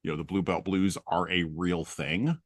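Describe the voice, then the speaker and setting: A man's voice: sits low, fairly even intonation, normal speed, no room sound. A middle-aged man hosting a casual chat, telling wry, self-deprecating stories with chuckles. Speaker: podcast host.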